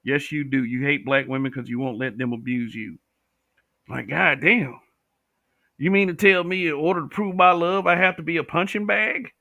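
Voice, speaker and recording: A man's voice: fairly high pitch, normal speed, creaky, sharp tone, no echo. A man hosting a livestream, talking bluntly with profanity and reading viewer comments. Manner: blunt, profane, talks back to chat.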